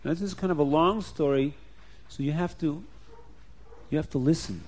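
A man's voice: on the high side, normal speed, darkish tone. A man telling a story to children, speaking directly to his young listeners with playful rhyming asides.

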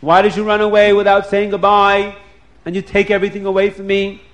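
A man's voice: high voice, completely flat delivery, brisk, fairly bright tone, pitched above the performer's own voice. A man voicing a greedy, scheming old man who screams frantically and trips over his words in a children's story. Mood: indignant.

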